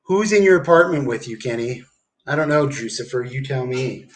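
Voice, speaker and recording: A man's voice: mid-range voice, lively intonation, moderate pace. A man ranting on a livestream, rambling and swearing, tacking "dude" onto his sentences. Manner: rambling, profane, keeps saying dude. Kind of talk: casual livestream rant.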